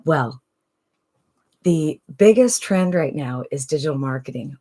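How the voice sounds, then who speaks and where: A woman's voice: low-pitched, lively intonation, unhurried, warm tone. A woman from Canada talking casually and persuasively about an online business, with lots of rhetorical questions. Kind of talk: casual sales pitch monologue.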